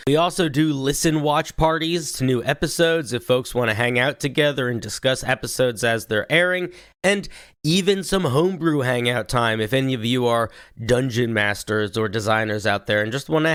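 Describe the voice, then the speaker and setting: A man's voice: medium pitch, normal speed, a bit bright, smooth, no echo, clean studio sound. A man hosting a tabletop game podcast, narrating scenes and reading announcements in an upbeat, chatty way. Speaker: game master and host.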